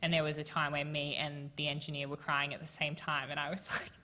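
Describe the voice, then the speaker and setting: Low-voiced woman, candid and emotional. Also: level tone, a little fast, sharp tone. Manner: frank and emotional, with many fillers and laughs. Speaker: author on a festival panel. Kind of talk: candid conversational panel talk.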